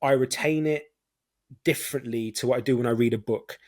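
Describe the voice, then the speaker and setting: A man's voice: medium pitch, fairly quick, a little mellow. A man with a British accent, hosting a podcast in casual chat, explaining things eagerly and laughing often. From United Kingdom. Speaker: podcast host.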